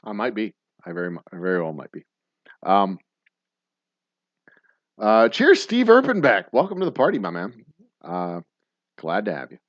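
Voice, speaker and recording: A man's voice: fairly low pitch, dry recording. Rambling profane man in his forties. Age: 40s. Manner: rambling and profane, many restarts. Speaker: podcast host. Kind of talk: casual chat with live viewers. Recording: dull dry lo-fi sound.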